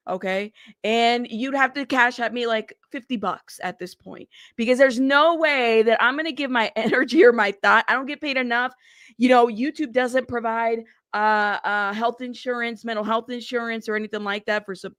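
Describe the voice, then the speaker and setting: A woman hosting a casual livestream talks in a chatty, blunt way, laughing easily and calling out viewers by name. Her throat is a bit rough from a cold. Her voice sits somewhat high and sounds close and dry, with no room around it. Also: a bit bright, no echo. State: a little sick in the throat. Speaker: livestream news host.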